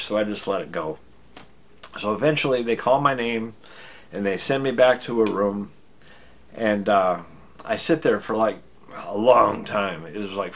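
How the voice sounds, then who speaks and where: A man's voice: medium pitch, fairly bright tone. An American man telling a personal story in a wry, self-deprecating, casual way. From United States.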